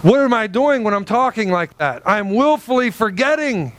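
High-voiced animated male preacher. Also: moderate pace, slight background noise. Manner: animated preaching, acts out dialogue with God. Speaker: pastor. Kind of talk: sermon.

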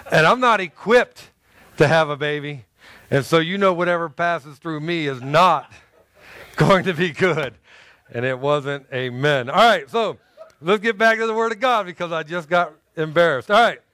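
A man's voice: fairly high pitch, dry recording, clean studio sound. A middle-aged man preaching a sermon, telling personal stories with humor and acting out the people in them. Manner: animated storyteller who acts out quotes and jokes with the congregation. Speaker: pastor.

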